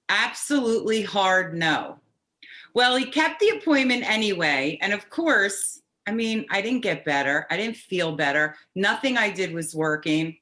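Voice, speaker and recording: A middle-aged woman from New Jersey recounts her own experience as a patient in a slow, unhurried way. Her voice is bright and clear, and her pitch swings widely. She stops and restarts her sentences, and her telling is wry and animated. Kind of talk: personal storytelling.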